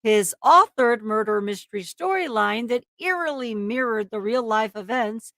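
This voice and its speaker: A woman's voice: fairly high pitch, expressive, moderate pace, a bit bright, dry recording. A woman co-hosting a livestream, reading a true crime script aloud, tripping over words and breaking into laughs. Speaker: livestream co-host reading a case.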